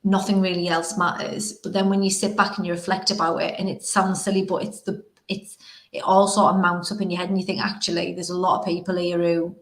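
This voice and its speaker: A young woman with a lowish voice talks openly and emotionally, wandering from thought to thought. Her voice sits in a roomy space with a clear echo around it. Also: little pitch movement, a little fast. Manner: emotional, rambling, frank. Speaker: podcast host. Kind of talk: casual conversation.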